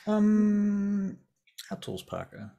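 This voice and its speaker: A man's voice: high-pitched, sing-song, drawn-out words, vocal fry, dark tone, highs cut off. A man acting as game master, narrating a tabletop role-playing game in a loose, conversational way with casual swearing.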